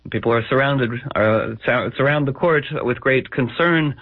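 On the radio, a man with a mid-range voice tells a legend at normal speed, wry and conversational, wandering into digressions as a spoken-word storyteller. The audio is dry and tinny, like a phone, with no room sound.

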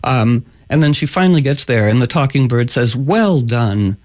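A man's voice: mid-range voice, brisk. A man retells a folktale in a casual, playful way. He drifts into asides and fillers as he goes, keeping an easy, conversational storyteller's voice.

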